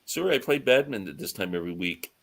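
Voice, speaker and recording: A man's voice: fairly low pitch, expressive, fast talker, vocal fry. A man hosting a casual live-stream chat, talking with enthusiasm, laughing often and reading out viewer comments.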